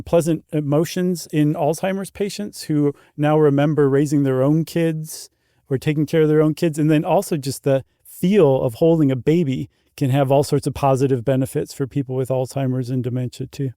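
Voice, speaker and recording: A man's voice: on the high side, steady tone, normal speed, dark tone, no room sound, studio quality. A middle-aged man co-hosting a podcast, explaining in a chatty way with many fillers. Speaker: podcast co-host. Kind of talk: casual chat.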